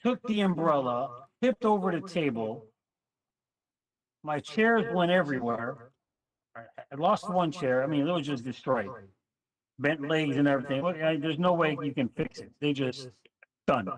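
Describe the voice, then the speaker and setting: Man, higher voice, animated storyteller, set back from the mic. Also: normal speed, distant mic, low-quality recording. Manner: animated storyteller, acts out quotes. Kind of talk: casual storytelling chat.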